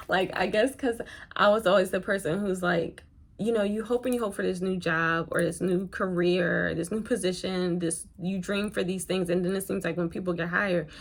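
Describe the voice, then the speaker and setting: A woman who works as a nurse chats casually while doing her makeup, rambling through a story in a get-ready-with-me style. Her voice is lowish and creaky.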